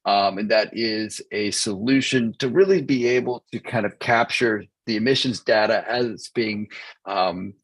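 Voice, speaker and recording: A man's voice: lowish voice, measured pace, rough recording. A man hosting an online meeting on a video call, talking casually with many hesitations and restarts. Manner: hesitant, filler-heavy, restarts. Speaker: meeting host.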